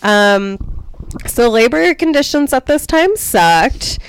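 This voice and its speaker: A woman co-hosting a comedy podcast tells a history story in casual, chatty fashion, packed with "like" and "um." Her slightly high voice is sing-song and slow, with a little hiss or hum.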